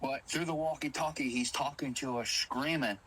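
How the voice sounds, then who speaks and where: This rough recording captures a man with a mid-range, slightly breathy voice speaking at a normal pace. As a caller relating an encounter, he spins a spooky story in a casual, animated Southern-inflected way, acting out the dialogue of others.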